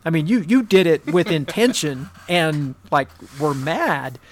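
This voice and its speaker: A man's voice: on the high side, a little slow, slight background noise. A man in casual conversation, telling a rambling personal story and then a joke, with many fillers and restarts. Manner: rambling, animated joke-telling with acted quotes.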